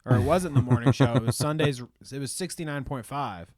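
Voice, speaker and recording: A young man co-hosting a casual podcast, recorded on a close mic in a dry room with no reverb. He tells stories at a quick clip, keeps his pitch in a middle range, and breaks into laughter often. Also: a little mellow. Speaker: podcast co-host. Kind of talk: casual chat.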